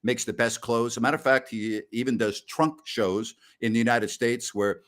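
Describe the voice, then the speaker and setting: A man in his sixties hosting a casual post-game show, telling rambling stories loudly with salty language. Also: medium pitch, fairly even intonation, normal speed. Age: 60s. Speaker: host.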